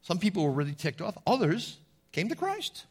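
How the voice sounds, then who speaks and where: A man's voice: sits high, wildly swooping pitch, moderate pace, husky. A middle-aged man preaching a sermon in a folksy storytelling way, calling out to his congregation.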